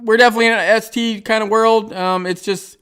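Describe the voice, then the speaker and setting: A man's voice: high voice, fairly even intonation, fast talker, fairly bright tone, smooth. A man hosting a casual livestream, chatting and reading viewer comments in a rambling, hesitant way with lots of fillers and restarts and frequent chuckles. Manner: chuckles often while talking.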